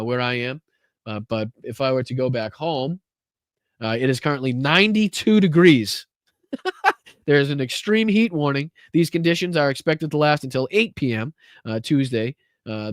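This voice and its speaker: A man on a live podcast stream talks off the cuff, full of fillers and casual swearing as he shouts out supporters. His voice sits at an ordinary middle pitch. The sound is close and dry, with no room echo. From Boston area. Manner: loose and profane, many fillers, warmly thanking viewers. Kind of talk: casual live-stream chat reading donations.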